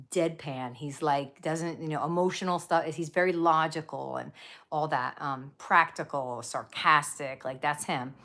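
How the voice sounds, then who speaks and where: A woman's voice: low voice, a bit bright. A middle-aged woman in her home craft room, rambling casually through a craft haul vlog with lots of fillers and side stories. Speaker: craft vlogger.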